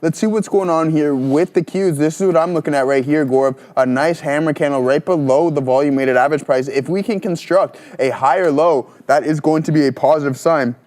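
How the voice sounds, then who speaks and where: A man's voice: a little high, a little fast, few pauses, a little mellow. A man co-hosting a live trading stream, explaining chart setups in a friendly way and answering questions from the chat. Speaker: trading co-host.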